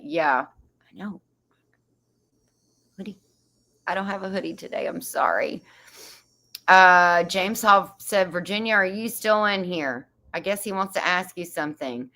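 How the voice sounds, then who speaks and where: A woman's voice: on the low side, sharp tone. A woman hosting a casual livestream, reading viewer comments aloud, chatty and laughing often. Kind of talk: casual chat.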